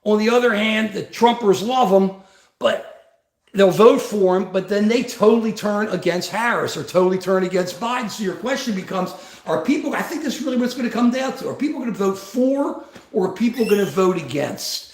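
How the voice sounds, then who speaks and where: Recorded in an echoey room, a high-pitched man speaks briskly while hosting a political commentary livestream. His delivery is passionate, full of rhetorical questions and repeated words.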